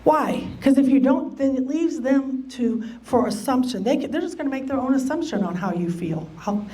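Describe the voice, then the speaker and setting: A woman's voice: high-pitched, lively intonation, normal speed, dark tone. A woman teaching a church lesson on relationships, emphatic, repeating key phrases and acting out what people might say. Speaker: church Bible study teacher. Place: church meeting room.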